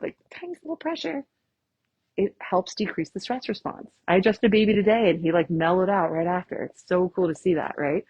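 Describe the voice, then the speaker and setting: A woman chiropractor, giving a lively, chatty workshop talk and often asking "right?". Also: lowish voice, slightly rough, no echo, dull audio. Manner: chatty, tags lines with "right?", acts out quotes. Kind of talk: casual, enthusiastic presentation.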